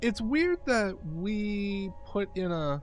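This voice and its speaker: A man's voice: sits high, sing-song, slow, soft background music. A man casually commenting while streaming a mystery game, hesitant and joking.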